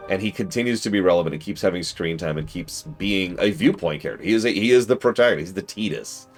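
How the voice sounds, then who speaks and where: A man streaming a game, rambling casually with self-corrections and excitable asides. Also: sits low, fast. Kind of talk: casual gaming stream commentary. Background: game music.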